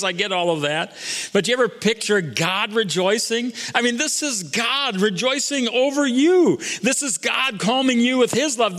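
Man, pastor, sermon, high voice, soaring then hushed delivery, echoing church hall. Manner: swings between soaring highs and hushed lows.

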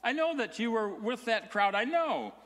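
A man's voice: very high-pitched, sing-song, normal speed, a bit bright, long reverb tail, slight background noise, pitched above the performer's own voice, heavily acted. A man voicing a flustered, insistent young servant girl who stammers as she presses her point. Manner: stammering, pushy.

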